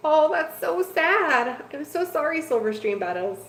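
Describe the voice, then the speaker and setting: This woman's fish-keeping stream comes from a home room full of tanks, where she rambles casually to viewers, throwing in plenty of "like" and "dude." Her high-pitched voice is a bit bright, and the audio carries echo and faint noise.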